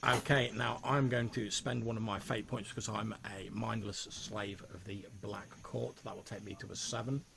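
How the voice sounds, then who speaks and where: A man acting as game master, narrating the scene in steady, descriptive detail. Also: fairly low pitch, moderate pace, creaky, few pauses, a crowd in the background.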